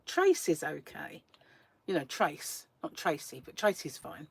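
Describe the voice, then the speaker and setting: A woman's voice: sits low, huge pitch swings, measured pace, gravelly, husky, dry recording. A woman hosting a crochet livestream, chatting casually and rambling to her viewers, laughing often, from a small room at home. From England. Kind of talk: casual chat with live viewers.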